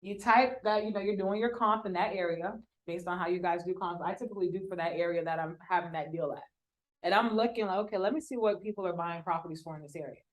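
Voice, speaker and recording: A woman with a lowish voice talks fast while teaching real estate wholesaling to a live audience in a room. She keeps it casual, full of slang, and performs quotes of the people she deals with.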